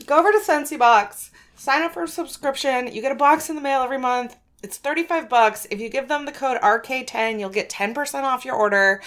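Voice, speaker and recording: A woman's voice: sits high, a little fast, fairly bright tone. A young woman co-hosting a casual podcast, chatting with a giggly, digressive manner and reading sponsor spots. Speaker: podcast co-host.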